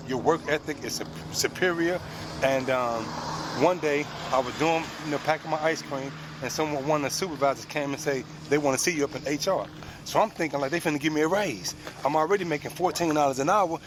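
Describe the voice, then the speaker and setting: A man's voice: fairly high pitch, noisy background. Man telling a story, slangy and heartfelt. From United States. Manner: plain spoken, with street slang. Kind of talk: personal story told to an audience.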